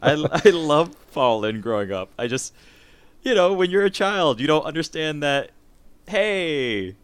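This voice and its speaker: A man's voice: on the high side, big pitch swings, measured pace, clean tone, dry recording. A man co-hosting a podcast in casual chat, rambling and laughing often. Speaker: podcast co-host.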